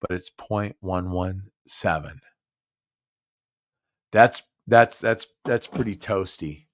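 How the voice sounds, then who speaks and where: A drunk man hosts a casual live podcast in a low voice at a slow pace, slurring his words. He rambles and stumbles over repeated words.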